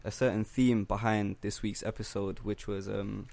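A man's voice: lowish voice, level tone, normal speed, creaky, darkish tone. A young man hosting a podcast, steering the chat and reading out the questions in a casual way. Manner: steers the talk, reads out the questions. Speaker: podcast host.

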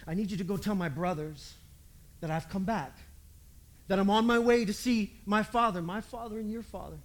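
A preacher voicing a calm, gentle male teacher who speaks in a lowered, matter-of-fact tone within a retold story. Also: fairly quick, natural voice.

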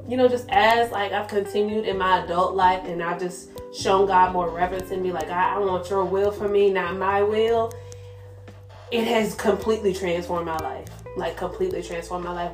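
A young woman candidly telling her faith story in casual chat, slangy and full of "like" fillers. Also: medium pitch. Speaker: guest sharing her testimony. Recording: roomy echo with soft music behind.

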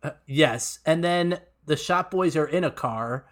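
A man's voice: on the high side, measured pace. A man co-hosting a podcast, chatting casually about song lyrics with lots of laughter, ums and restarts. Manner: enthusiastic, laughs often, many ums and restarts. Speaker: podcast co-host.

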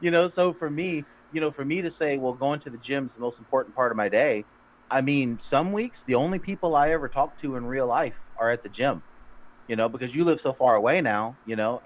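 A man co-hosting a fitness podcast, gruff and teasing, rambling with restarts. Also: medium pitch. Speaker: podcast co-host. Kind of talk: casual podcast chat. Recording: tinny phone-like sound.

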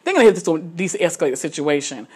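A woman's voice: low voice, lively intonation, fast talker, darkish tone, breathy edge. A woman co-hosting a casual chat, frank and opinionated, telling stories with plenty of restarts.

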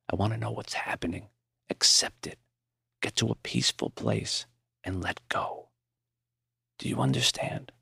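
A man voicing a frail, dying old man who speaks in a weak, hushed whisper, slow and breathy. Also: low voice, dry recording, studio quality, heavily acted. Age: older.

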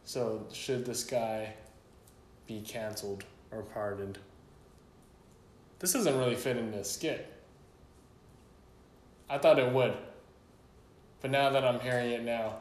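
A man's voice: mid-range voice, a little slow, long pauses, roomy sound, slight background noise. A man hosting a podcast in casual chat, loose and meandering with many restarts. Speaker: podcast host.

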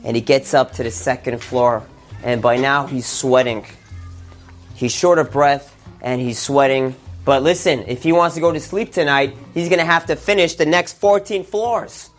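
A man with an ordinary mid-range voice tells a story and draws a religious lesson from it. He stresses key words with lifts in pitch and keeps the telling lively. Faint music plays softly behind him. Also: moderate pace. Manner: animated, rising emphasis on key words.

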